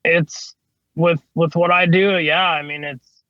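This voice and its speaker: A man's voice: on the high side, steady tone, slow pace, no echo, lo-fi sound. A man, an HVAC service tech, telling stories casually in an interview, rambling with lots of "you know what I mean" and casual swearing. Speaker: HVAC service technician, podcast guest.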